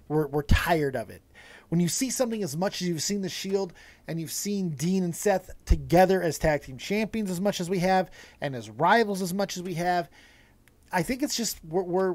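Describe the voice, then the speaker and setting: Animated, profane man reviewing wrestling. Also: sits high, dry recording. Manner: animated, swearing, laughing asides. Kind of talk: casual profane commentary.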